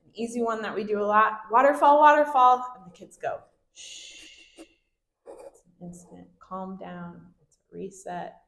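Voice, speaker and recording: A woman giving a training talk to children's ministry volunteers, upbeat and acting out classroom phrases in a bright teacher voice. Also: mid-range voice, fairly even intonation, moderate pace, creaky. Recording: roomy echo.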